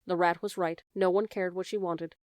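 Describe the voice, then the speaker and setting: Woman narrator, children's audiobook, smooth resonant voice, dry close sound. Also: fairly low pitch, no room sound. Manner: measured, expressive storytelling.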